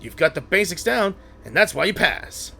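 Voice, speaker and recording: A brash idol coach barks orders in a loud, lively voice, as a man puts him on. He is obsessed with muscles and drills his students like a sergeant. His delivery swings sharply in pitch. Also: normal speed, gravelly, faint music behind, full character voice. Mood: preachy. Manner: barking, commanding declarations.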